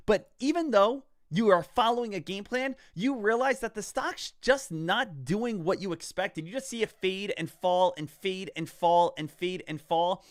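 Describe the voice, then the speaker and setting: A man teaching stock trading in a casual, energetic way, talking straight to his viewers and repeating phrases for emphasis. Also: sits high, dry recording, clean studio sound. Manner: energetic, talks straight to viewers as "guys" and "team". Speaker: stock trader and trading coach. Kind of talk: casual trading lesson over live charts.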